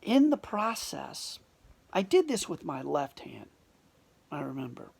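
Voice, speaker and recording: A woman telling a personal story in an emotional, confessional way, often dropping to a hushed near-whisper. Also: low-pitched, sing-song, measured pace, vocal fry, breathy edge.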